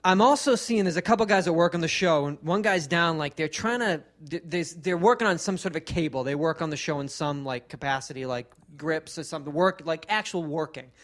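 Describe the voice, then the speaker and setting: A man's voice: on the high side, fairly quick, few pauses, fairly bright tone. Man telling a rambling story. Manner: rambling, many fillers and restarts. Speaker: podcast co-host. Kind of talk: casual storytelling.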